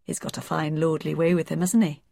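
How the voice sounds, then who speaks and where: A woman's voice: deep voice, flat delivery, brisk, gravelly, dark tone. A woman voicing a polite, deferential older male head gardener in a storybook reading. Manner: deferential, respectful.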